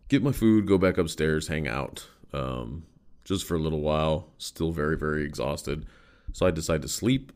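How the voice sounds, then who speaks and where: An American podcast host with a rumbling low, creaky voice tells a story in a loose, rambling way, swearing casually.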